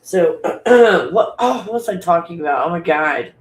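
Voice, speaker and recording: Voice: mid-range voice, lively intonation, measured pace. A live-stream host in a home room talking casually, blunt and profane, often laughing and getting worked up. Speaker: livestream host. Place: home room with a dog nearby. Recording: echoey room.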